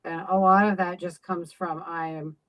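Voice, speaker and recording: A low-pitched woman chats as a guest designer, full of "like" and quick restarts. Her talk is relaxed and loose, with no set script. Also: poor audio. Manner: chatty, many fillers and restarts. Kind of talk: casual interview chat.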